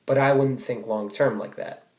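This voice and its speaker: A man's voice: medium pitch, steady tone, normal speed, darkish tone. Teen boy, student speech, wry storyteller with sudden outbursts; echoey room. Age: teens. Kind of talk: comic personal essay read aloud.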